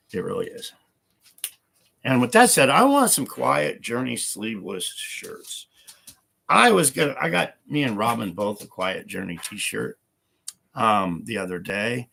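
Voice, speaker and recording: A man's voice: lowish voice, gravelly, pushed and bright, husky. A man hosting a casual livestream from home, talking in a rambling, repetitive way full of fillers. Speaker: livestream host.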